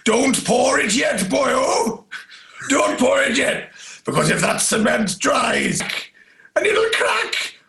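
A man doing an overblown, not-quite-Welsh voice, barking urgent orders into a phone from a car. The voice climbs well above his usual pitch and breaks into shouting. It sounds odd and theatrical. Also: sing-song, slow pace, creaky, roomy sound, full character voice. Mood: urgent pleading. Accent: odd, not-quite Welsh put-on.

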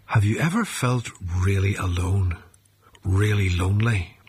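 Man talking straight to listeners, super raspy voice, low and slow. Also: darkish tone. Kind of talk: reflective address to listeners.

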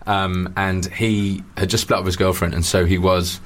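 A man's voice: low voice, little pitch movement, moderate pace, background noise. A man hosting an interview, chatty, telling anecdotes in a casual way. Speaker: podcast host. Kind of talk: conversational interview.

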